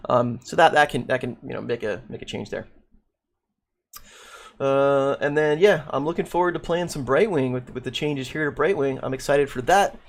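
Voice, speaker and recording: A man's voice: mid-range voice, moderate pace, creaky. A man casually reading and reacting to game patch notes, thinking aloud with many restarts, saying he is losing his voice. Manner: thinking aloud with frequent restarts and repeated words. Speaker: gaming video creator.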